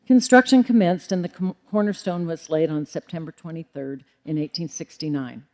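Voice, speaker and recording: This deep, warm voice belongs to a middle-aged woman who works as a librarian. She delivers a formal public lecture at a measured pace, now and then saying "um" or correcting herself.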